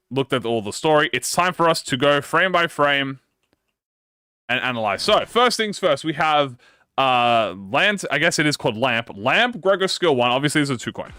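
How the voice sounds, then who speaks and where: A man hosting a casual gaming reaction, excitable and slangy, swearing and laughing often. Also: mid-range voice, clear, resonant tone, dry recording, clean studio sound. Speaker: gaming channel host.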